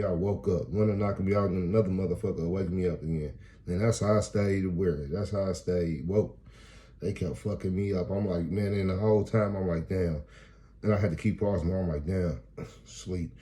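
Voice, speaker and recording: A man's voice: low voice, warm tone. A man doing freestyle stand-up, telling a profane story and acting out the dialogue in it. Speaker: stand-up comedian.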